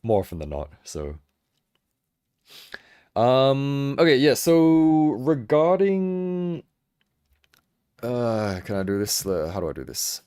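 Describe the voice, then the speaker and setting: A young man hosting a casual livestream about action figures, chatty and expressive, swearing freely and laughing as he answers viewers. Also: medium pitch, takes it slowly, pauses often, clean tone, no echo, clean studio sound. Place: home in Hong Kong.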